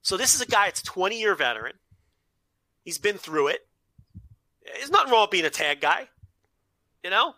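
A man with a very bright, forward voice talks through his argument step by step, steady and sure of his logic. The sound is dry and close, with no room around it. He carries the casual back-and-forth of a podcast co-host. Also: high-pitched, normal speed, pauses often, no room sound. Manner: analytical, makes his case point by point. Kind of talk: casual chat.

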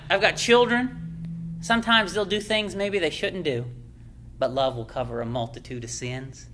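A man's voice: sits high, bright, forceful tone. A middle-aged man preaching a sermon as pastor, emphatic, with frequent amens and chuckles.

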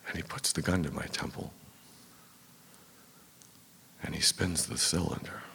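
A man's voice: a bass voice, a little slow, gravelly, bright, forceful tone, a little hiss or hum. A man telling a true story to a live audience, dramatic and first-person. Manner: dramatic first-person telling, drops to a whisper at tense moments. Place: stage in a theater. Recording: long reverb of a live theater hall.

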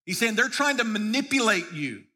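Male pastor with a high, bright voice, preaching casually and often repeating himself mid-sentence. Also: very animated, moderate pace. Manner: conversational preaching with frequent restarts and repeated words. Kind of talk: sermon.

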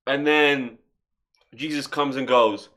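A man hosting a casual podcast, animated, swearing freely and firing off rhetorical questions. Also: medium pitch, takes it slowly, slight background noise. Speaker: podcast host.

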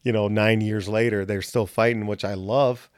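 A man, a former fighter, telling a long story on a podcast in a loose, profane, animated way. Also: on the low side, normal speed, smooth, no echo, studio quality. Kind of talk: casual storytelling chat.

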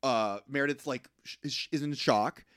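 A man's voice: mid-range voice, normal speed, fairly bright tone, clear, resonant tone, no room sound, clean studio sound. A man co-hosting a podcast, casually recapping a film in a rambling way and acting out the characters' lines. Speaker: podcast co-host. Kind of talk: casual movie recap chat.

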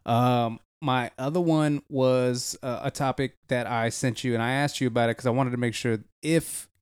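A man's voice: medium pitch, steady tone, moderate pace, smooth, no echo, studio quality. A young man co-hosting a podcast in casual, profane, jokey chat. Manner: laid-back, profane, jokey. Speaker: podcast co-host.

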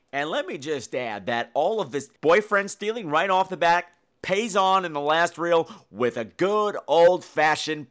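A man hosting a podcast, retelling a horror film in a campy, animated way. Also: a little high. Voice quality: campy, animated storytelling with acted-out voices. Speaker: podcast host. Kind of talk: casual film review podcast.

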